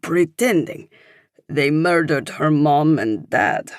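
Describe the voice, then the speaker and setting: A woman voicing a friendly older French man in an audiobook, speaking with a thick French accent and pausing to hunt for English words. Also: deep voice, lively intonation, no echo, clean studio sound. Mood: kindly.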